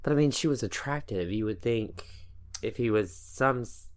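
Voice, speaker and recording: A woman's voice: rumbling low, lively intonation, moderate pace, darkish tone. A young adult woman co-hosting a podcast in casual chat, joking, laughing often and swearing. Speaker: podcast co-host.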